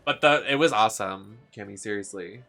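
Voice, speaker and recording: A young man streaming a video game live, chatting casually in an excitable, giggly, gushing way. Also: on the low side, a little fast, creaky, soft background music.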